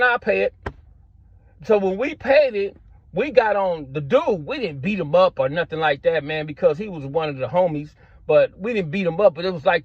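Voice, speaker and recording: A man's voice: high-pitched, breathy edge, no room sound. A middle-aged man telling a story in casual street slang, filling his talk with "man" and "bro". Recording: dull lo-fi sound, dry.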